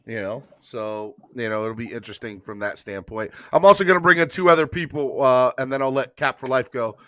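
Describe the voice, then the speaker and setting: A man's voice: medium pitch, fairly quick, fairly bright tone, no echo. A man hosting a casual sports podcast, laid-back as he brings in guests and hands them the floor. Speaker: podcast host.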